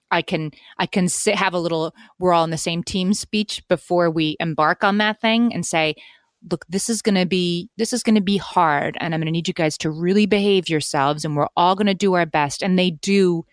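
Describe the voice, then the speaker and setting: A woman's voice: fairly low pitch, no room sound, clean studio sound. A woman co-hosting a parenting podcast, chatting casually and animatedly, often restarting sentences and acting out things parents say. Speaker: podcast co-host.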